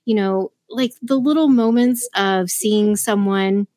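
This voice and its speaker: A woman's voice: mid-range voice, takes it slowly, darkish tone, no echo, clean studio sound. A woman talking as a podcast guest, bubbly and rambling with plenty of fillers. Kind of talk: casual podcast discussion.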